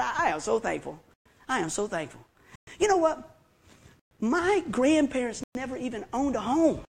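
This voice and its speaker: A man preaching a sermon to his congregation in a folksy, animated way, with lots of questions to the listeners. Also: extremely high pitch. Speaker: pastor.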